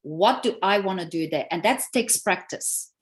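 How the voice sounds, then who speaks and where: A woman relationship coach talking in an interview, animated and emphatic, driving her points home with repetition. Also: mid-range voice, normal speed. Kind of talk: interview conversation.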